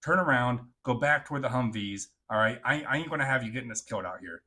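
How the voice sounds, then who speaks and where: A man's voice: mid-range voice, expressive, fast, sharp tone, husky. A man voicing a stern male flight chief who gives curt orders on a night raid.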